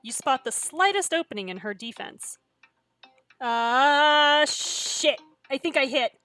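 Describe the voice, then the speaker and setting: A woman's voice: high-pitched, lively intonation, slow pace, sharp tone, no echo, faint music behind. A young woman streaming a story game, reading it aloud and chatting in a self-deprecating way. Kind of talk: reading a visual novel aloud while streaming.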